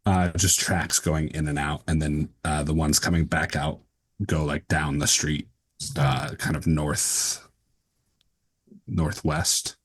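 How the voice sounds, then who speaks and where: A man's voice: a bass voice, flat delivery, slow, husky. A man running a tabletop game as game master, describing scenes and rules with many fillers.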